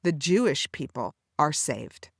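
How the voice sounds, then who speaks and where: A woman's voice: deep voice, big pitch swings, unhurried, gravelly, husky, no echo, clean studio sound. A woman podcast host giving a scripted devotional Bible teaching, speaking tenderly to the listener as a friend and telling the story with a dramatic cadence.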